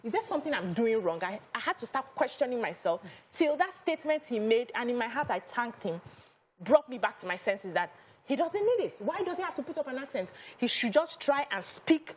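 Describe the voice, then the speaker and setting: A middle-aged Nigerian woman on a television panel, with a husky, slightly breathy voice set a little high. She tells personal stories with emphasis and animation and presses her points home. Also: sing-song, fairly quick. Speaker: TV talk show co-host. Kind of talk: studio panel discussion.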